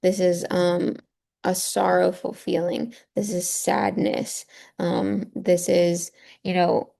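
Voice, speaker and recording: A woman's voice: on the low side, level tone, a little slow, creaky, warm tone. A woman teacher walking through a poem on a shared screen, patiently explaining and checking in with a rhetorical "right?". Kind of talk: screen-share lesson walkthrough.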